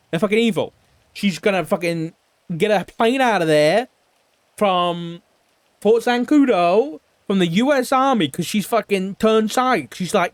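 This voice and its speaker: A man's voice: sits high, measured pace, no echo. Swearing man rambling through a recap. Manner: rambling, heavy swearing, mimics others. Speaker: roleplay streamer. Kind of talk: in-character recap of an investigation.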